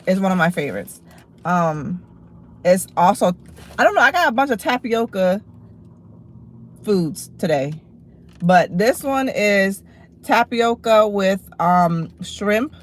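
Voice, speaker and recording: A woman streams herself eating and talks casually to her viewers. She is blunt and swears freely when she snaps back at her chat. She turns relaxed and chatty when she describes the food. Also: medium pitch. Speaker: livestreamer.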